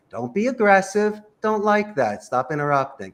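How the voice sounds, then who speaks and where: High, animated man coaching with emphasis. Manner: emphatic, rapid-fire instructions with rhetorical questions. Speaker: sales trainer.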